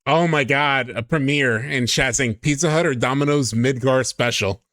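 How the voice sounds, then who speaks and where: A man hosting a stream, chatting excitedly and casually, swearing freely. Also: medium pitch, normal speed, dry recording, faint music behind. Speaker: streamer host. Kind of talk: casual chat.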